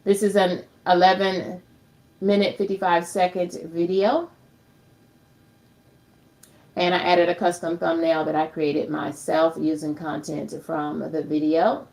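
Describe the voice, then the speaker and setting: Speaking a little slowly with a flat, slightly mellow delivery, this woman has a fairly low pitch. On her casual tutorial livestream she's upbeat and chatty, addresses viewers as friends, and uses her own name to refer to herself.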